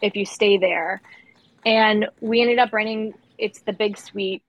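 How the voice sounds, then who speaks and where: A woman's voice: mid-range voice, measured pace, dull audio. A woman in her thirties telling a host about family trips in a rambling, casual way, with lots of fillers. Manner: rambling storyteller, many "like" and "um" fillers, animated when quoting people. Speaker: guest. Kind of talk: casual chat.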